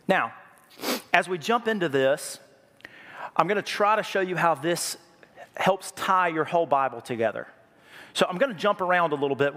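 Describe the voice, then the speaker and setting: Joking preacher in a reverberant hall. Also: male voice, fairly high pitch. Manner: lively, joking asides, repeats key phrases. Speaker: pastor. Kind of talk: sermon.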